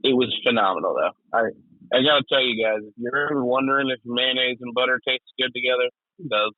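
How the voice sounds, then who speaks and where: Podcast co-host, male, excitable and sweary, thin phone-like sound, dry. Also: medium pitch, quick pace, no room sound. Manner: excitable, swears, laughs a lot. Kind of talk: casual chat.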